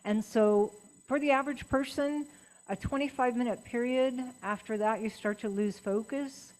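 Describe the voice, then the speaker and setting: A middle-aged woman speaking as guest at a writers' meeting, chatty and personal with lively emphasis. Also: on the high side, normal speed, low-quality recording. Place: meeting room.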